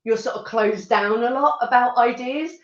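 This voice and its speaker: A woman's voice: a little high, moderate pace, echoey room, dull audio. A woman with a rural Suffolk accent, chatting as an interview guest, laughing often and restarting her sentences. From rural Suffolk, England. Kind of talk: casual interview chat.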